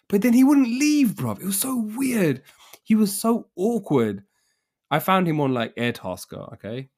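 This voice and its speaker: Male podcast co-host, casual storyteller who acts out the quotes. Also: mid-range voice. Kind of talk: casual chat.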